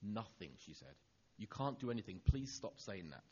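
A middle-aged male preacher tells a personal story from the pulpit, acting out each line of dialogue. His husky voice moves freely up and down in pitch and sinks quiet on the tender moments. The recording is dull and lo-fi. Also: normal speed. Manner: animated storyteller acting out dialogue, dropping soft for tender lines. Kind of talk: sermon storytelling.

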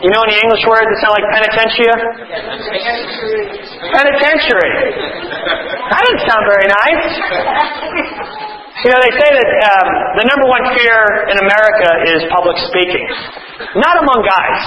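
A man's voice: high voice, brisk, a crowd in the background. A man preaching a sermon to an audience in a hall, earnest, often restarting his words and adding wry asides. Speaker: preacher and author. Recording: roomy, slightly dull recording.

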